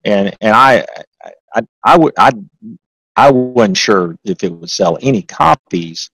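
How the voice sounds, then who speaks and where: A man with a low-pitched voice and an easy Southern drawl, speaking as an interview guest. He rambles in a folksy way and keeps restarting his sentences, then turns emphatic when he drives a point home. The recording is close and dry, with no room sound. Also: animated, measured pace, creaky, a bit bright, dry recording, low-quality recording. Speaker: interview guest, author and accountant. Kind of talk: casual interview talk.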